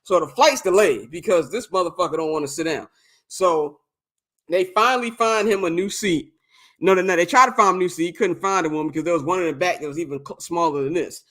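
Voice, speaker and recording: A young man with a high, bright and forceful voice spins a rowdy, profane story on a casual podcast. He talks in an animated way and keeps laughing between the lines. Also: brisk. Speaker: podcast co-host.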